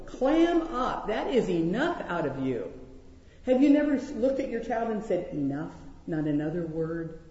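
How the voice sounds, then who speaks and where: An animated Bible teacher leads a study, acting out quoted lines and restarting sentences as the thoughts come. The voice is mellow and soft-toned. The sound is dull and carries a long hall reverb. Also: mid-range voice.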